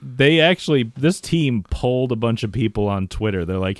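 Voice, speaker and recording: A man's voice: medium pitch, animated, normal speed, no room sound, clean studio sound. A man hosting a casual podcast, wry and laughing often as he reads fan messages aloud. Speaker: podcast host.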